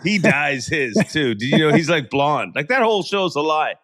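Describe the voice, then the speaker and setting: A man chatting casually as a podcast host. He talks in an animated, joking way, his pitch swinging widely as he rambles through restarts. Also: moderate pace. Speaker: podcast host and tournament emcee. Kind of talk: casual chat.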